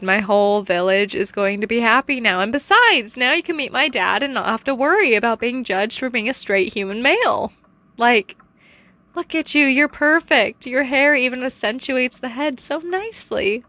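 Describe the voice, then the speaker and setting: A woman voicing a pushy girlfriend who coaxes and gushes in a lower register than her other figures. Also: bright, forceful tone, no echo.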